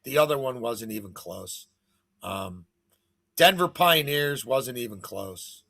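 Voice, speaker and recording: A man's voice: mid-range voice, expressive, takes it slowly, creaky, pushed and bright, dry recording. A man hosting a betting talk show, rambling in casual, profane, gloomy chat.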